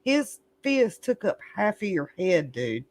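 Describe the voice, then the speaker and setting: A man's voice: high-pitched, very animated, a little slow, a loud crowd. A man joining a casual livestream as co-host, trading crude jokes. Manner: crude joking banter.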